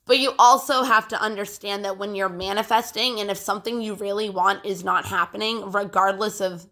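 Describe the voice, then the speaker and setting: A woman's voice: mid-range voice, fairly even intonation, a little fast, sharp tone. Rambling young woman with a phlegmy throat. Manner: rambling, filler-heavy, frequent throat clearing. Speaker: vlogger. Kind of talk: casual chat to camera. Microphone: phone.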